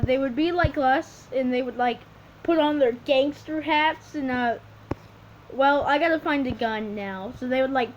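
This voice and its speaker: A woman making up a story as she draws, rambling and halting, with many restarts. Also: sits high. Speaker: video creator. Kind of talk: improvised storytelling while drawing. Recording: dull lo-fi recording with faint hiss.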